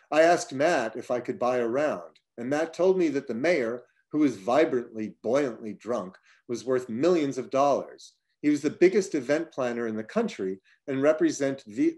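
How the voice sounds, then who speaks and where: A man's voice: mid-range voice, darkish tone. Man reading his travel essay. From United States (upstate New York). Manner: measured reading, slowing on lists, with casual spoken asides. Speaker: writer reading his own work.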